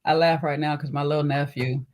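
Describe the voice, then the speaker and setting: Her voice sits low and runs a little fast as she co-hosts a relaxed podcast conversation. She's an animated storyteller who laughs a lot and keeps saying "child" and "okay."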